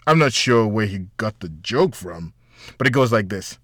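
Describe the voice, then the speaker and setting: A man's voice: on the low side, expressive, moderate pace, a bit bright, dry recording, studio quality. A man voicing a teasing young woman. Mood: amused. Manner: teasing, light storytelling. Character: playful young woman telling a joke.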